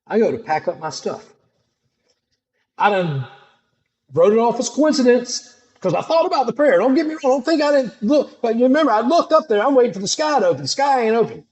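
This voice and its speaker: Animated man telling a dramatic testimony. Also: extremely high pitch, brisk. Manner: animated, dramatic, casual slangy speech. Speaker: storyteller sharing a testimony. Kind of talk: personal testimony storytelling.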